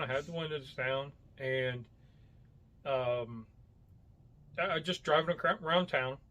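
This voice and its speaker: A podcast co-host with a mid-range, fairly bright voice rambles through a casual chat, searching for words with lots of fillers. He's coughing from hot coffee.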